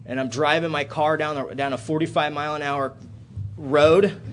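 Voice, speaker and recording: A man giving a personal recovery talk at a convention in a hotel room. He swears freely and tells his story dramatically, swinging from loud excited bursts to low, quiet passages. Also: moderate pace, slight background noise. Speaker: AA speaker.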